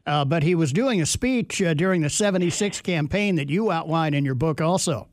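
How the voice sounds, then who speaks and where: A man hosting a radio interview, talking in an unhurried, drawling way full of filler sounds. His voice sits a little high and his humour is wry. The recording is close and dry, with no room sound. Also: animated, no room sound. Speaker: radio host.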